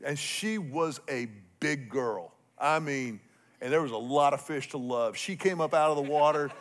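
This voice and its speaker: Middle-aged male pastor, lively humorous sermon storyteller, voice a touch high. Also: moderate pace. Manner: animated, humorous storyteller with swings in loudness.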